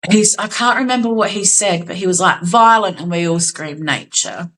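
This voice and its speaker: A woman's voice: fairly low pitch, normal speed, fairly bright tone, low-quality recording. A young Australian woman co-hosting a podcast, telling a gig story in casual chat, acting out quotes and swearing casually. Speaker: podcast co-host.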